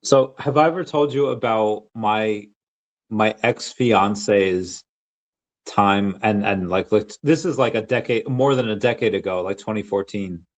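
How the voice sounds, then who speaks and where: A man's voice: lowish voice, unhurried, low-quality recording. A man in his thirties hosting a podcast, telling a long story in casual chat, full of fillers and restarts. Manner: rambling, lots of fillers and restarts. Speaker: podcast host.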